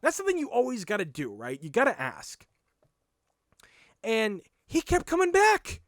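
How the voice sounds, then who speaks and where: A man with a Boston accent, hosting a podcast and telling stories in a blunt, animated, casual way with some swearing. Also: extremely high pitch, normal speed, dry recording, studio quality. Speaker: podcast host. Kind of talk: casual storytelling monologue.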